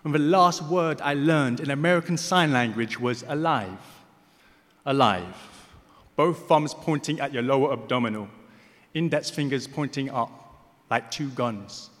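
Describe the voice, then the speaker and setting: A deaf man performing spoken word poetry on stage, with slightly slurred speech, moving between rhythmic recitation and soft, hesitant asides to the audience. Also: medium pitch, measured pace. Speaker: poet performing. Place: large hall on stage. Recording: live hall reverb.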